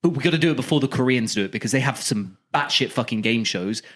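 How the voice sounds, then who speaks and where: Animated man pitching wild ideas. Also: quick pace. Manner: animated, jokey, pitches wild ideas with mock-salesman bravado. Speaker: podcast co-host. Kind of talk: casual comedic chat.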